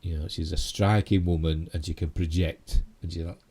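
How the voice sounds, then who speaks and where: Man, Yorkshire accent, very dark mellow tone, rambling live stream chat, tag questions. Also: low-pitched, fairly even intonation, moderate pace, slightly rough. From Yorkshire, England. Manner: rambling, full of "you know" and tag questions. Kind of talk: casual live stream commentary on geek news.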